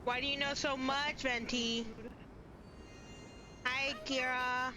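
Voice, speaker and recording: A woman streaming a game live, reacting in an excitable, chatty way to the story. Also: high-pitched, slow pace, noisy background.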